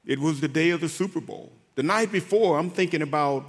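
A man giving an emotional faith testimony as an interview guest, speaking haltingly and repeating words as he goes. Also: on the high side, in a large hall. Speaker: guest, former pro football player.

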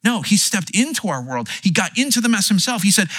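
A man's voice: high-pitched, very animated, fairly quick, hardly any pauses, a bit bright, slightly rough, no room sound. A man preaching a sermon, earnest and conversational, often restarting his words and acting out quotes. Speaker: pastor.

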